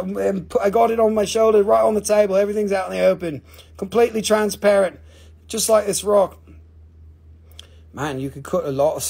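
A man's voice: high-pitched, creaky, a little mellow, breathy edge. A man hosting a live rock auction, chatting casually with joking, playful salesman patter. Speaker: host selling rocks in a live auction.

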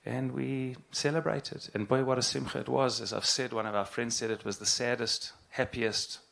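A middle-aged man, a rabbi, giving an earnest, halting spoken address and repeating phrases for emphasis. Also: medium pitch, little pitch movement, creaky, fairly bright tone.

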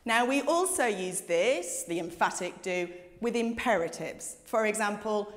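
A woman teaching an English lesson, explaining grammar clearly with examples. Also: mid-range voice, expressive, a little slow, fairly bright tone. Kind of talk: scripted language lesson. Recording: reverberant room.

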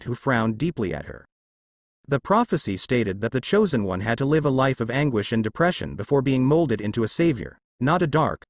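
A man reading a fanfiction story aloud as steady, scripted narration. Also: medium pitch, no echo.

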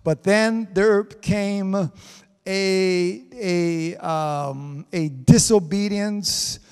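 A man's voice: high-pitched, very slow, a little mellow, smooth. A man preaching a live-streamed sermon, fervent and punctuated with amens and hallelujahs. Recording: reverberant hall sound.

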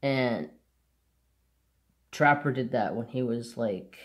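A man who hosts a crafts channel, casually chatting and rambling about his dogs in an unhurried way. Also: mid-range voice, expressive. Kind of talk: casual chat.

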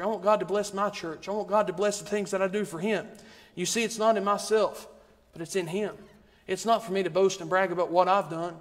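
A man preaching a sermon, in a rhythmic, repetitive style that builds emphasis. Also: high-pitched. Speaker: guest preacher. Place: church sanctuary. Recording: long reverb of a church hall.

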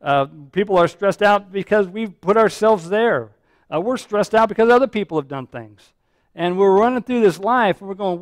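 A man's voice: high voice, lively intonation, moderate pace, no room sound, studio quality. A man preaching a sermon as pastor, earnest and repetitive, often restarting his phrases.

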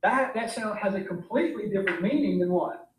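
A man's voice: high voice, fairly quick. A man giving an informal philosophy lecture in an emphatic way, asking his class many rhetorical questions. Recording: echoey room.

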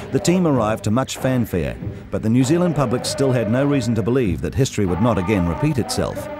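Lively low-voiced male documentary narrator. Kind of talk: scripted narration. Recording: music under voice.

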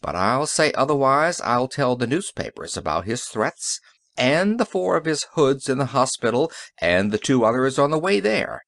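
A man voicing a calm, confident inventor in an audiobook, speaking briskly and matter-of-factly. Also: medium pitch, gravelly, no echo, clean studio sound. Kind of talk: audiobook character reading.

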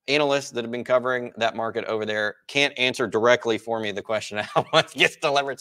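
A man's voice: mid-range voice, a little fast, hardly any pauses, fairly bright tone. A man hosting a market report, explaining charts in a casual, explanatory way. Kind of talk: financial market commentary.

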